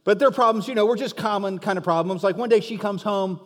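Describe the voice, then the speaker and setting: High-voiced preacher joking through a sermon. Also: male voice, fast talker. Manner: conversational, joking storyteller. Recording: reverberant hall.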